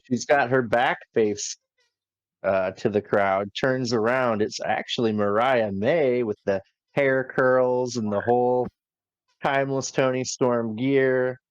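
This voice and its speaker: Slow-talking man, dull lo-fi recording. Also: mid-range voice, steady tone, smooth, no room sound. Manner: unhurried recapping, filler-heavy. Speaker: podcast host. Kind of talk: casual wrestling review chat.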